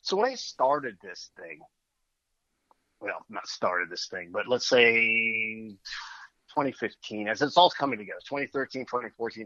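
Guest guy, kinda low voice, bright tone, reflective, earnest. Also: no room sound, muffled recording. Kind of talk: casual conversation.

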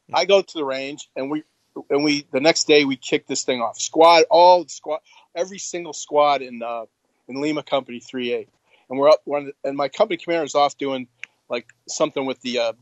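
A man's voice: medium pitch, dry recording, highs cut off. A former Marine officer, a man, telling a blunt, profane story in casual conversation.

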